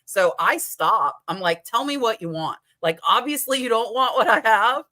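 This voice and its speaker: Bright, animated woman host. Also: fairly high pitch, normal speed. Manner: animated, quotes her own inner talk. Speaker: podcast host. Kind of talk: casual live-stream chat.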